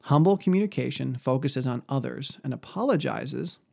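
Male speaker, mid-range pitch with a raspy fry, earnest scripture-quoting talk on Christian parenting. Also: expressive, moderate pace, darkish tone. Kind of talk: earnest religious teaching talk.

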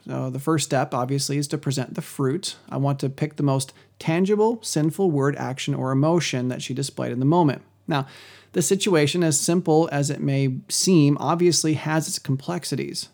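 A man hosting a podcast, giving a measured, scripted teaching on Christian parenting. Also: fairly high pitch, gravelly, darkish tone. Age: adult parent.

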